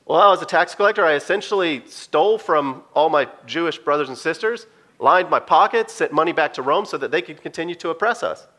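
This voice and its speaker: A sheepish former tax collector owns up to his past in plain, matter-of-fact words, as a male preacher puts him on. The voice is bright and fairly high. He talks like a man admitting his faults. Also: lively intonation, fairly quick. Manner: plainly confessional.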